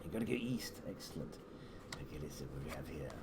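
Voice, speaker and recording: Running a live tabletop adventure game for kids, this game master animatedly narrates scenes and offers the players choices. His voice is very deep with vocal fry, he talks quickly, and there's a little hiss or hum in the background.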